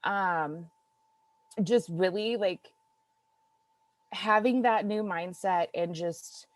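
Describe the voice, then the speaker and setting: A woman's voice: medium pitch, extremely slow, no echo. Rambling emotional young woman on a video call. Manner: rambling, emotional, many "like"s and restarts. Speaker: co-host of a morning video call. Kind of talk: casual group video call chat. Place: home office.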